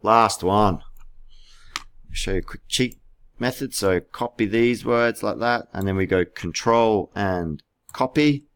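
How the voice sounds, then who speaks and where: Slow, patient male teacher. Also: fairly low pitch, a bit bright, clean tone. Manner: slow, patient, spelling words out letter by letter. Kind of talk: screen-recorded tutorial.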